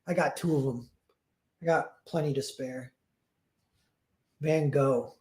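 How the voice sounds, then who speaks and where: A man's voice: on the high side, steady tone, slow pace, pauses often, a little mellow, roomy sound. A young man chatting casually on a livestream, rambling and self-deprecating, acting out quoted dialogue as he tells stories. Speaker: streamer and comic artist.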